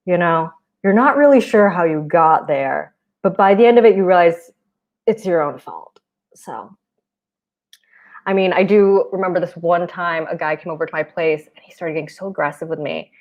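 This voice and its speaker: Twenties woman doing standup over a muffled video call, deadpan, mocks herself. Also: fairly low pitch. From United States. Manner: deadpan, self-mocking delivery with quick asides. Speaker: stand-up comic. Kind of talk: virtual stand-up set. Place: home, virtual show.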